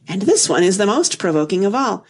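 A woman voicing a polite, earnest little girl who speaks gently and a little plaintively. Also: mid-range voice, big pitch swings, brisk, slightly rough.

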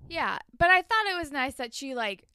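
A young woman co-hosts a casual podcast, recapping a TV episode at a moderate pace in a bright, forceful voice full of big pitch swings. She's chatty and acts out the characters' lines with big pitch jumps, and the studio sound is clean with no room sound.

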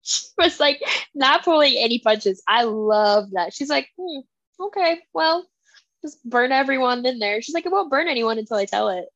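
A young woman with a slightly high, gravelly voice chats about a fantasy book on a podcast. The sound is dry and a little dull. She is animated and quotes the characters in voices as she goes. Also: moderate pace, hardly any pauses, no echo. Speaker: podcast co-host. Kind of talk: casual book chat.

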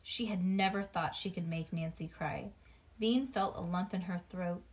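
Woman reading a kids' storybook aloud, animated, chatty asides. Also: fairly low pitch, a little slow. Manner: animated, with asides to a child listener. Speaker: reader. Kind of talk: reading a children's book aloud.

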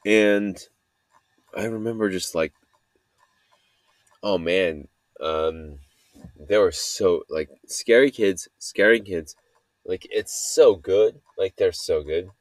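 A man hosting a solo podcast, talking in a halting, self-critical ramble full of fillers and restarts. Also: low-pitched, dry recording. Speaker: podcast host.

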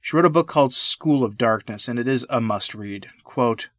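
A man delivering scripted commentary narration in a measured, deliberate way. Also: mid-range voice, no room sound, studio quality.

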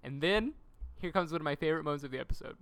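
A woman co-hosting a podcast, chatting casually about a TV episode and acting out lines in quick impressions. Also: deep voice. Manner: animated, acts out character lines in quick impressions. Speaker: podcast co-host. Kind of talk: casual chat recapping a TV episode.

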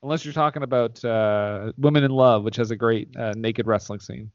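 A man's voice: mid-range voice, steady tone, moderate pace, no room sound. A man co-hosting a film podcast, giving dry, sarcastic takes and reading listener reviews in casual chat. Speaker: podcast co-host reviewing films. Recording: dry, slightly dull lo-fi audio.

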